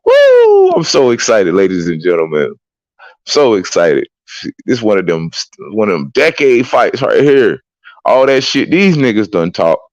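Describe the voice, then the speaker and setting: A man chatting casually as a streamer, excitable and profane with loud whoops. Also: on the low side, a little slow, dry recording, muffled recording. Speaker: streamer reacting to clips. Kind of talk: casual reaction chat.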